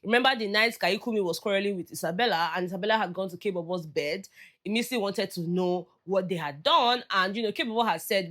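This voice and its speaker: A woman's voice: medium pitch, expressive, fairly quick, sharp tone. A woman with a Nigerian accent chatting through a reality show recap, slipping into Pidgin phrases as she goes. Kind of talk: casual commentary.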